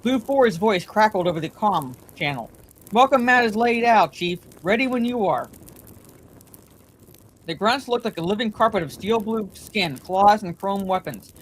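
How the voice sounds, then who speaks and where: A woman reading a bedtime story aloud in a steady, plain way, her voice slightly congested from allergies. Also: mid-range voice, low-quality recording.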